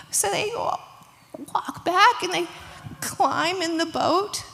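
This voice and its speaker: A woman teaching a children's church lesson, telling a Bible story with lively voices and hushed moments. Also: very high-pitched, measured pace, gravelly. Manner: animated storytelling, acting out voices, hushed emphasis. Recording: long hall reverb.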